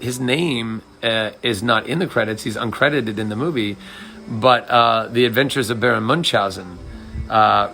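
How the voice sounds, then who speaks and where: Man, thirties, casual live-stream host, rambling and filler-heavy, mid-pitched, faint background music. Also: pushed and bright. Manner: rambling, with frequent fillers and restarts. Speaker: livestream host answering viewer questions. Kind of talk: casual chat.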